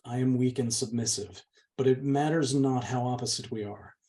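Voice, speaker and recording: A man reading aloud, voicing a meek and gentle young woman who pleads softly with her older sister. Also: medium pitch, moderate pace, lightly acted. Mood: tender. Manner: soft, pleading. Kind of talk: audiobook reading.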